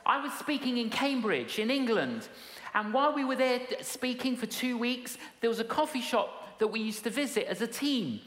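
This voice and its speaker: A woman's voice: a little high, animated, normal speed, fairly bright tone. A woman preaching a sermon in a large hall, emphatic and humorous, with repetition and punchlines. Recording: echoey hall with long reverb.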